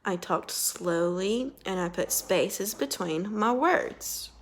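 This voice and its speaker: A woman speech therapist guiding a child through a lesson, speaking slowly and deliberately and praising gently. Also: mid-range voice, lively intonation, slight background noise.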